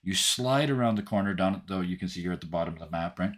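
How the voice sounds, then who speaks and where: A man's voice: deep voice, fast talker, fairly bright tone. A man narrating a tabletop role-playing game as game master, rambling with fillers and frequent "right?".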